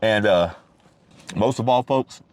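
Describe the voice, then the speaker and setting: A man's voice: on the low side, takes it slowly. A middle-aged man hosting his own podcast, ranting casually from his car, swearing heavily and restarting his sentences. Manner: animated, rambling, heavy swearing, frequent restarts. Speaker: podcast host. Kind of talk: casual profane rant. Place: in a car at a drive-through.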